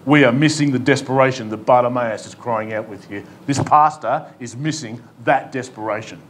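A man's voice: mid-range voice, a little hiss or hum. A man with an Australian accent, a pastor preaching a sermon in an emphatic, pleading way, with rhetorical questions and humor. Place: church hall.

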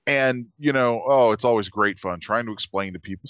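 A man's voice: medium pitch, normal speed, dull audio. A man designer telling stories in a casual interview, rambling with restarts and acted-out quotes.

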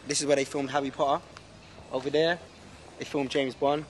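A man's voice: medium pitch, fairly quick, slight background noise. A young man, an actor chatting casually behind the scenes and telling stories in a joking, slangy way. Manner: joking, slangy, animated storytelling. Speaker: actor interviewed on set.

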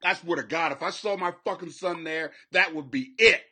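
A man hosting a comedy podcast, talking in a slightly high, bright and edgy voice. He rambles through profane commentary, often jumping from quiet mutters to loud rants. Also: normal speed, breathy edge. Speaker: podcast host.

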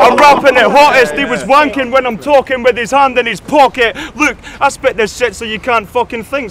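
A man's voice: very high-pitched, fairly bright tone, slight background noise. A Scottish man rapping aggressive, taunting verses in an outdoor street battle. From Scotland. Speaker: battle rapper.

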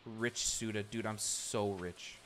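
A male streamer chatting casually with his viewers while playing, excitable and swearing freely as he reacts to the game. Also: on the low side, takes it slowly, slight background noise. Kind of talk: casual live gameplay chat.

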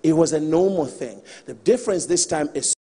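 A man preaching a sermon in an animated way, calling out to the congregation and acting out the figures in the story. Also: on the high side, moderate pace, husky, big-room sound.

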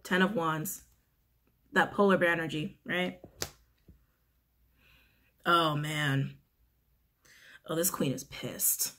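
A woman's voice: fairly low pitch, a bit bright, slight background noise. A woman giving a casual tarot reading, talking bluntly, swearing freely, and repeating phrases for emphasis. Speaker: tarot reader.

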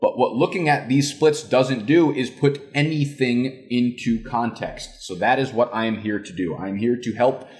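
A young man from New Jersey hosting a fantasy football show, talking loudly and emphatically with plenty of swearing. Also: medium pitch, moderate pace, few pauses. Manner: loud, emphatic, profane, yelling. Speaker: fantasy football analyst host. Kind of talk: casual ranting analysis.

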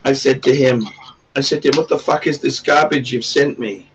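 Gravelly, crude-talking man, bit off-mic. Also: mid-range voice, normal speed, recorded from a distance, highs cut off, a little hiss or hum. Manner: crude, rambling, swears a lot. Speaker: livestream host. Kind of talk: casual livestream chat.

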